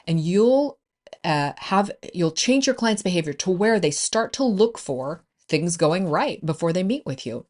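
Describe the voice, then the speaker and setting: Female coach-host, upbeat and chatty, lower pitch with big swings. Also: animated, a little slow, darkish tone. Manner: upbeat, encouraging, conversational with fillers. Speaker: business coach and podcast host. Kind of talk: solo podcast talk.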